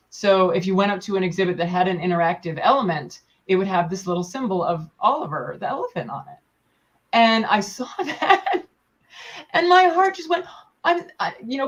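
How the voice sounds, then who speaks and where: A woman in her forties, a puppeteer guest in a casual interview, talking in an animated, chatty way, laughing often and restarting her sentences. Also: medium pitch. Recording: dull lo-fi sound.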